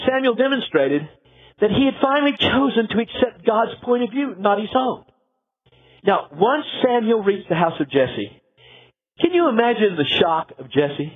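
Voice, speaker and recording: A man pastor preaching a sermon, telling a biblical story with dramatic flair and acting out the characters. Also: high voice. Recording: tinny phone-like sound.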